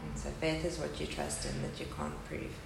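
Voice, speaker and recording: Woman, 30s, low creaky voice, earnest testimony speaker, echoey hall with faint hum. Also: very animated, fairly quick. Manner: candid and earnest, speaking of loss. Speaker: speaker at a faith gathering. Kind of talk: personal testimony talk. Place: hall with a live audience.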